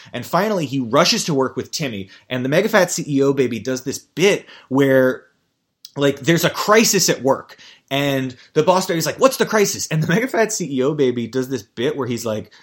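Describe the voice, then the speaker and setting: A man's voice: medium pitch, husky. A man recapping a cartoon episode in casual chat, rambling, restarting sentences and amused. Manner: rambling, self-interrupting, amused. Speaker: podcast host recapping a cartoon.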